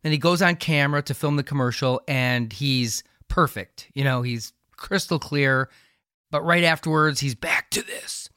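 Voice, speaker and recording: A man co-hosting a podcast, telling a story in a quick, chatty way and laughing easily. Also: a little high, sharp tone, clean tone, dry recording, studio quality. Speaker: podcast co-host. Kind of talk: casual podcast chat.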